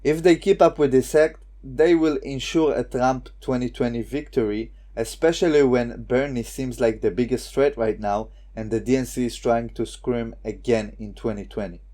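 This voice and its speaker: Mellow-voiced man, scornful commentator. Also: medium pitch, steady tone, normal speed, hardly any pauses. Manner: sarcastic, scornful. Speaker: political commentator. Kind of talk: scripted online commentary.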